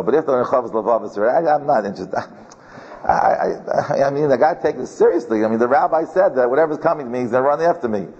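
A man's voice: medium pitch, darkish tone. Rabbi, man, chatty Torah-class storyteller, repeats himself, recorded muffled in a long-echo hall. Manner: chatty, repeats words, chuckles often. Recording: dull recording in a reverberant hall.

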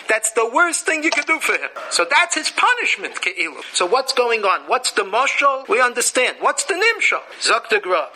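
A man's voice: high voice, sharp tone, a little hiss or hum, low-quality recording. A man giving a Torah lecture, chanting Hebrew verses and telling jokey stories. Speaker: rabbi teaching Torah.

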